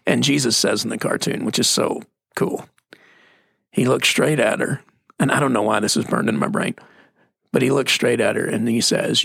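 A man co-hosting a faith talk, telling stories in a casual, emphatic preaching manner with a gravelly voice. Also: mid-range voice, fairly even intonation, moderate pace, fairly bright tone, no echo, studio quality. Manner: storytelling, emphatic.

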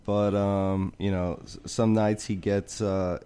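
A co-host in a casual sports chat, picking fantasy lineups, methodically goes through players and their prices. His voice is fairly low, clear and resonant, and he speaks slowly and steadily.

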